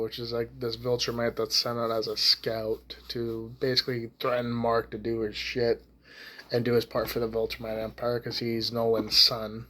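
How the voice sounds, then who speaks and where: A man's voice: mid-range voice, sharp tone. Man, casual vlog ranter, foul-mouthed and rambling, mid-range voice. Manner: profane, rambling, with many restarts and fillers. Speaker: YouTube ranter. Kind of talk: casual rant to camera.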